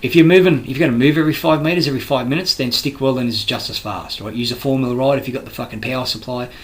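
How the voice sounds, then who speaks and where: Man, Australian accent, mid-pitched voice, profane, rambling, heated monologue. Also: rapid-fire, low-quality recording. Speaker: construction worker giving his views.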